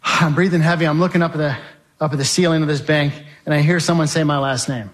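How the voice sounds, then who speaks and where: A man's voice: fairly high pitch, steady tone, quick pace. A man giving a testimony as dramatic storytelling, vivid and emphatic, speaking straight to his audience.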